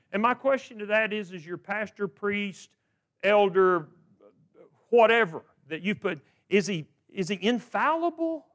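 A middle-aged male preacher with a high voice that leaps up and down. He delivers a sermon full of questions, often repeating words as he restarts his sentences. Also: expressive, normal speed, fairly bright tone.

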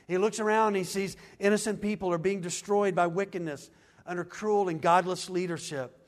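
A man with a high voice preaches a sermon. He is earnest, rising into loud pleading and then dropping to hushed, low lines. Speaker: pastor.

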